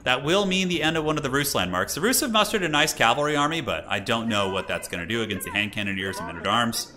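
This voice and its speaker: Excitable man casting a game. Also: mid-range voice, quick pace, a little hiss or hum. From United States. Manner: excitable, chatty, answers stream chat. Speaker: tournament caster. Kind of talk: casual live game commentary.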